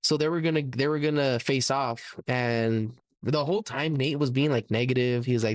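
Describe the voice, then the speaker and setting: A man's voice: medium pitch, moderate pace, few pauses. A man co-hosting a podcast, telling a long story in casual chat, rambling and slangy, acting out what people said. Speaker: podcast co-host.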